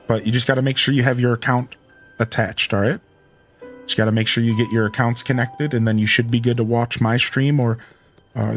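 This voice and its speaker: A man casually chatting while live-streaming a video game, reading chat and laughing easily. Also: medium pitch. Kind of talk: casual live gameplay commentary.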